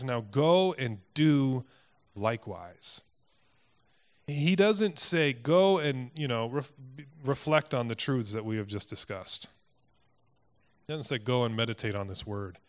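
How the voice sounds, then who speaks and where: A man from Iowa preaching with conviction. His voice sits at an ordinary middle pitch, and he leans hard on key lines, pressing his points home with earnest emphasis. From Iowa, United States. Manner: earnest, emphatic, rising to forceful peaks. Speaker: pastor. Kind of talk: sermon.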